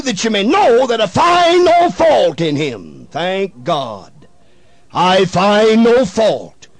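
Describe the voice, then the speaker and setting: Male radio evangelist: high, swooping delivery that drops to a hush and climbs to a shout; dry, close sound. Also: dry recording. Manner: dramatic swings from hushed to shouted, archaic prayer language. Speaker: radio preacher. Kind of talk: fiery radio sermon.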